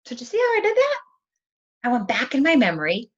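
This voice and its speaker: A woman teacher on a video call, telling a story in an animated storyteller voice for a writing lesson. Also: sits high, fast talker, breathy edge. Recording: dull lo-fi sound.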